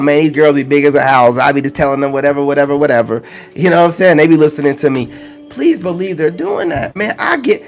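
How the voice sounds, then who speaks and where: A man ranting to his viewers in a blunt, preachy monologue, full of slang and with lines repeated for emphasis. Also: medium pitch. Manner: slangy, conversational. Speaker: spiritual self-help vlogger.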